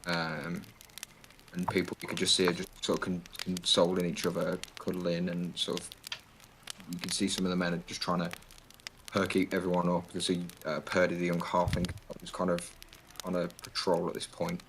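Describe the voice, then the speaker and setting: A man with a very deep voice narrates a tabletop session as game master. He describes scenes loosely, with many fillers, over a faint hiss. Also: completely flat delivery, normal speed.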